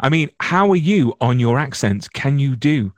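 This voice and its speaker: Man, mid pitch, eager casual interviewer, dry close mic. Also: lively intonation, moderate pace, no echo. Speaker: interviewer, host.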